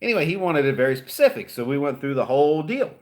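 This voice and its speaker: A man's voice: a little high, very animated, quick pace. A man who trains car dealers, giving a casual motivational talk as a blunt, chatty storyteller.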